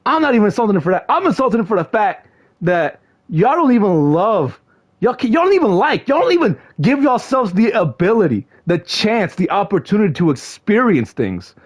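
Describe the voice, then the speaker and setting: Young streamer guy with a high, bouncy voice, slangy and excitable, prone to yelling. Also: brisk. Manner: excitable, shouts in mock frustration, slangy with lots of "bro". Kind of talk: casual livestream chat to viewers.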